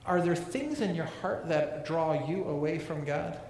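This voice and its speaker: A man's voice: on the high side, lively intonation, unhurried, darkish tone. A man preaching a sermon as pastor, earnest and prone to repeating words and restarting his sentences. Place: large church hall. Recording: echoey hall with long reverb.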